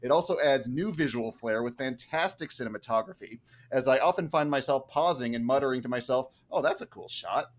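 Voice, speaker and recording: A man's voice: medium pitch, a little fast, hardly any pauses. Man reading a film recommendation. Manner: steady, enthusiastic, scripted. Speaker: podcast panelist. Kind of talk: reading a prepared film review.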